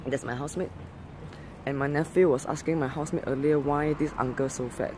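A livestreamer with a Singaporean English accent, streaming casually from a park playground at night on a handheld camera. They call their dogs loudly in a high, excited voice, then drop to low asides to the viewers. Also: a little fast, noisy background.

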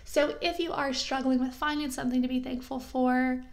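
A woman's voice: sits high, flat delivery, normal speed, gravelly. A young woman vlogger speaking heartfelt and reassuring words straight to her viewers, getting emotional at times. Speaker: lifestyle vlogger. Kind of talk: heartfelt talk to camera.

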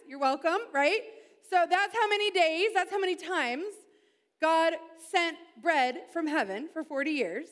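A woman's voice: high voice, fairly bright tone, big-room sound. A woman pastor preaching a sermon to her congregation, playful and upbeat, talking straight to the crowd. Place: church hall.

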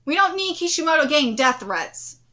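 A woman hosting a live manga reaction stream, gushing and swearing as an excitable fan. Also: high voice, fairly quick.

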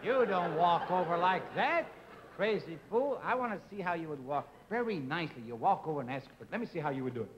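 A man as a bossy dance instructor who grows exasperated and keeps breaking into laughter, his voice high and swinging widely. The 1950s live TV audio is dull and lo-fi, with a loud studio audience behind him. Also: animated, brisk, a little hiss or hum, close to an everyday voice. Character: bossy, impatient man teaching dancing. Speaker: comedy straight man. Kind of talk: 1950s live TV sketch comedy.

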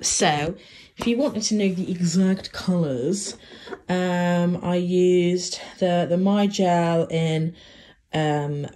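A woman's voice: lowish voice, a little mellow, slight background noise. A young woman, chatting casually to camera in a vlog, rambling with lots of fillers and little giggles. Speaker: vlogger.

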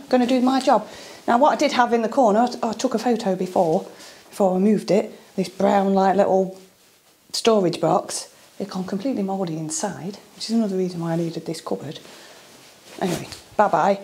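A woman's voice: medium pitch, darkish tone, slight background noise. A middle-aged woman chatting casually as a dog groomer, rambling and homely about her DIY project. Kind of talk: casual DIY vlog chat.

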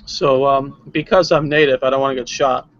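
A man's voice: mid-range voice, fairly even intonation, normal speed, fairly bright tone. Hesitant male player, lo-fi. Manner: hesitant, stumbling talk. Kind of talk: casual tabletop play. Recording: dull lo-fi recording.

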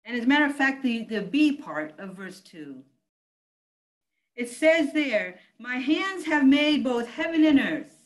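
A woman's voice: sits high, sing-song, unhurried, rough recording. A woman pastor preaching a sermon, emphatic and calling out to her congregation. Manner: emphatic preaching, calls out to the church.

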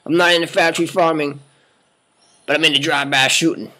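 A smug, boastful health guru in his forties, spoofed by a man, rambling on in a mocking parody monologue. The voice sits a little high and rings sharp and bright. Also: steady tone, fairly quick.

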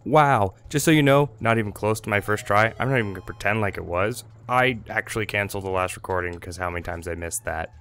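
A man's voice: on the low side, fast, hardly any pauses, a bit bright, clean tone. A young man hosting a let's play, rambling and joking as he talks to the game and his viewers. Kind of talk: casual gameplay commentary.

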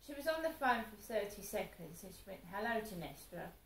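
A woman with a gravelly, creaky voice rambles through a personal story. She sounds upset and vents as she goes, often restarting her sentences. The room echoes around her, with a faint ambient hum behind. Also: mid-range voice, animated, brisk. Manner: upset, venting, meandering with restarts. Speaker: vlogger.

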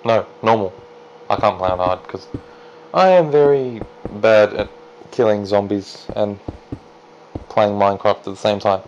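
A man casually commentating his own gameplay, chatty and self-deprecating, jumping into excited high yelps. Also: a little slow, long pauses, highs cut off, a little hiss or hum. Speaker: let's play gamer.

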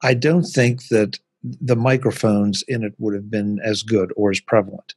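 Husky-voiced man talking tech casually. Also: fairly low pitch, steady tone, moderate pace, darkish tone, no echo, studio quality. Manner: conversational, repeats words when starting sentences. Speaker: podcast host.

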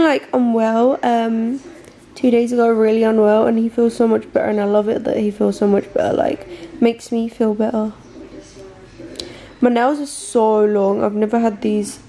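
A woman's voice: fairly high pitch, dark tone, a little hiss or hum. A young woman of 21, gushing happily through a casual birthday vlog at home. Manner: bubbly and gushing. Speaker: vlogger.

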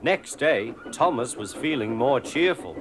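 Lively male storybook narrator. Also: medium pitch, unhurried, over music.

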